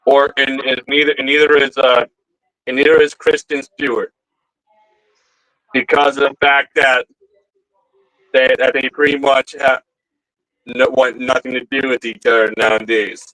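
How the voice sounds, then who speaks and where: Slow-talking male stream co-host. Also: mid-range voice, flat delivery, bright, forceful tone, dry recording, low-quality recording. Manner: slow and drawn-out, with repeated phrases. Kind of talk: casual livestream chat.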